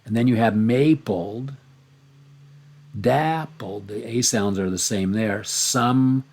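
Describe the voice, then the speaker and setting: A man teaching a recorded lesson on a poem, reading and explaining it slowly and stressing single words one by one. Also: on the low side, mellow, husky. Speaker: poetry teacher.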